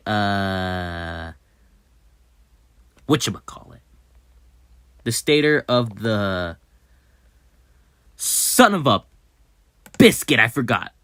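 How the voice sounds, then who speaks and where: Brief: desk-mic host, slow mumbling commentary that jumps into excited shouts, very dry sound. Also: clear, resonant tone, no echo. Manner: excitable, swings from low muttering to sudden loud outbursts; mumbles half-words and fillers while searching. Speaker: channel host. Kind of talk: casual screen-recorded commentary.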